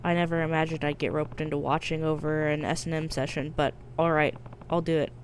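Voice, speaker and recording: A woman's voice: sits low, flat delivery, brisk, a little hiss or hum, voice pushed down. A woman doing a stoic yakuza man. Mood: dry. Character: stoic middle-aged male yakuza hero. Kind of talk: reading game dialogue aloud on stream.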